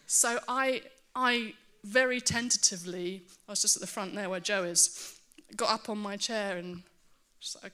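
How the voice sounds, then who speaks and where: A woman preaching a sermon to her church, earnest and animated, with self-mocking asides. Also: medium pitch, moderate pace.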